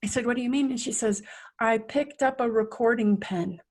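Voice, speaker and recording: A middle-aged woman, a resilience coach, telling a personal story in an interview in a vivid, animated way that acts out the scenes. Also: fairly high pitch, normal speed.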